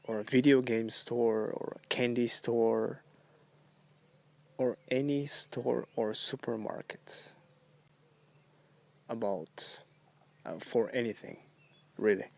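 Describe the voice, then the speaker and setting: A man hosting a solo podcast, musing in a rambling, halting way with drawn-out phrasing. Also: medium pitch, steady tone, vocal fry. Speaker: podcast host. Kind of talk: solo philosophical monologue.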